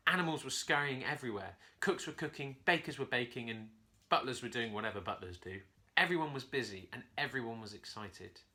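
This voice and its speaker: A man's voice: medium pitch, bright, forceful tone. A man from a church, reading a bedtime story expressively to children.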